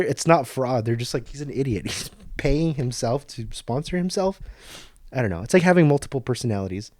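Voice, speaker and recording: A man's voice: medium pitch, dry recording. Profane, rambling young man, dry close sound. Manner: profane, rambling, excitable, laughs at his own jokes. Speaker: podcast host. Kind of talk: casual solo podcast rant.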